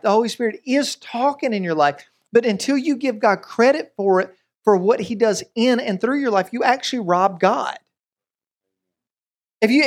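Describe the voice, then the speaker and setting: A man preaching a conversational sermon as pastor, lively and joking, acting out everyday scenes as he goes. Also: extremely high pitch.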